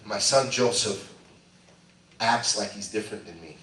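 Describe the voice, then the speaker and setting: Hombre predicador, iglesia con eco. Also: male voice, fairly low pitch, unhurried. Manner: animated preaching, swinging from loud to hushed. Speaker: pastor. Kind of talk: sermon. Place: church sanctuary. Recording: echoey church sound from a distant mic.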